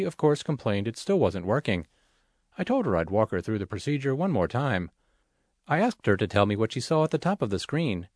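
A man reading magazine articles and recipes aloud in a clear, measured, expressive way. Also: lowish voice, no room sound, clean studio sound. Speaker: reader of an audio magazine. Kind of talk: scripted read-aloud narration.

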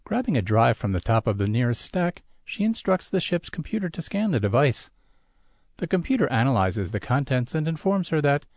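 A man's voice: gravelly, darkish tone, no echo. A man reading a science fiction story aloud, narrating and doing the characters himself. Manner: reads all character voices himself with small pitch shifts. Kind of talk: audiobook narration of a sci-fi story.

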